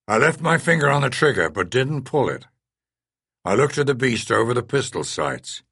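Man, first-person audiobook narration, husky, lively pitch, dry booth. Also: normal speed, no echo.

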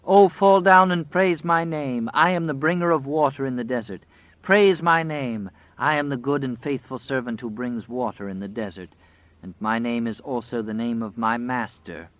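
A man's voice: mid-range voice, dry recording, lightly acted. A man doing a taunting demon wolf. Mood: gloating. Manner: taunting, drawn-out, sneering. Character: menacing male wolf demon, mocking, grinning, haughty. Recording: dry, slightly dull audio.

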